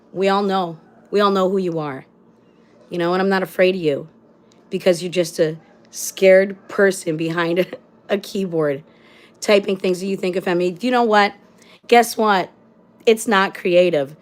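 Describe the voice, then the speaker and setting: A fairly low-pitched woman runs her own livestream and unloads an angry, blunt tirade full of swearing and repeated rhetorical lines.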